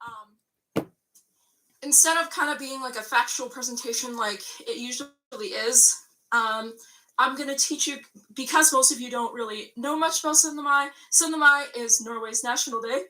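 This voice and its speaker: Young woman vlogging, bright kinda high voice, lots of ums, restarts a lot. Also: moderate pace. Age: young adult. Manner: rambling, many fillers and restarts. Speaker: YouTuber. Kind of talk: casual chat.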